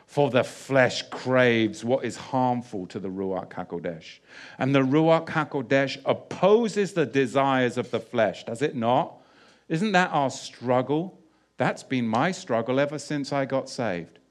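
Animated male preacher, slow and emphatic. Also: medium pitch. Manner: animated, rising to loud emphatic bursts and dropping to quiet reading; rhetorical questions and repeated phrases. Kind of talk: sermon.

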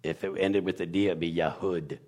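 Very deep-voiced man explaining letter sounds. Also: steady tone, a little mellow. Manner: halting, searches for words with many fillers; sounds out letters slowly to demonstrate. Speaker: guest teacher of Hebrew. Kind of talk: casual explanatory talk.

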